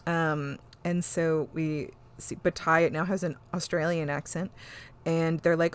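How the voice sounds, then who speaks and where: Woman podcast host, lower voice, loose and profane, animated retelling. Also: measured pace, clean tone. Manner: swears freely, animated retelling with quoted lines. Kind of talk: casual chat recapping an episode.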